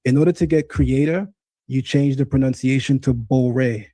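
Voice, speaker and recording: A man's voice: mid-range voice, steady tone, fairly quick, warm tone, no echo. Insistent man teaching on a live stream. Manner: emphatic, insistent, repeats points to drive them home.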